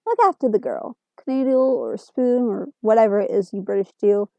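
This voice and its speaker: A woman's voice: fairly high pitch, normal speed, vocal fry, dark tone, no echo, lo-fi sound. A woman doing a smug, boastful rich collector. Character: arrogant rich man, collector of aliens.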